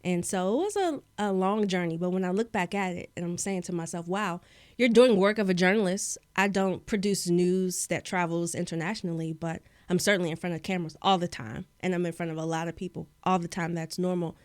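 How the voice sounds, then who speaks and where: A woman's voice: on the low side, fairly quick, hardly any pauses, a little mellow, clear, resonant tone, dry recording. A young woman from Maryland, a public speaking coach, telling her story in a casual interview with careful, articulate diction. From Maryland, USA.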